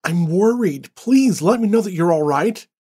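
A man voicing a worried young woman who turns sharp and demanding. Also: high voice, big pitch swings, measured pace, husky, pitched above the performer's own voice, full character voice. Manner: pleading, then sharp and demanding. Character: anxious young woman, then furious.

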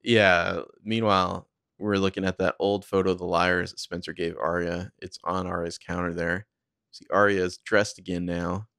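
Deep gravelly guy doing a tv recap podcast, casual, close dry mic. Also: little pitch movement, normal speed, a bit bright, dry recording. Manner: narrates scenes and acts out character lines in a loose, chatty way. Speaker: podcast co-host recapping a TV episode.

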